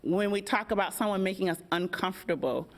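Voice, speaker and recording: A woman's voice: mid-range voice, brisk. An American woman, a workshop facilitator, speaking on a panel in an engaging, conversational way and asking the audience questions. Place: event hall.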